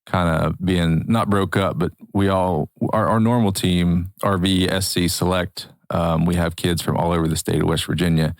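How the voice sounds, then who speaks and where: A man's voice: sits low, fairly even intonation, normal speed, hardly any pauses, no echo. A middle-aged man hosting a podcast, chatting casually and joking often with his guest. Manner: jokey, laughs often. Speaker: podcast host. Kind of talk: casual chat.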